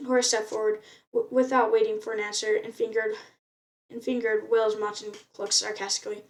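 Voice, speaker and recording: A woman reading a novel aloud, unrehearsed and plain. She often trips over words and goes back to restart them. Her voice sits somewhat high. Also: flat delivery, moderate pace, recorded from a distance. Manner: unpolished reading, frequent stumbles and restarts. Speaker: reader.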